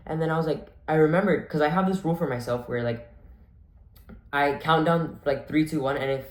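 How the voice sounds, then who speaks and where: A man's voice: on the high side, a little fast. A man rambles through a storytime vlog, his sentences chained with "like" and "and then". His voice rings in an echoey room. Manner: rambling, breathless storytelling full of "like". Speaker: vlogger.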